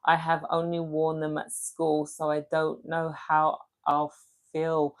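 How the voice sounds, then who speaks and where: A woman's voice: low-pitched, completely flat delivery, slow. A woman from England hosting a casual livestream, chatting with viewers by name and laughing easily. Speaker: livestream host. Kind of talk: casual live chat reading comments.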